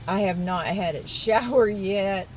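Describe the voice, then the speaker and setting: Slow, rambling woman chatting in a car. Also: medium pitch, darkish tone, a little hiss or hum, poor audio. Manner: chatty, wandering, easily sidetracked. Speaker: vlogger. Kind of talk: rambling casual chat. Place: parked car in a parking lot.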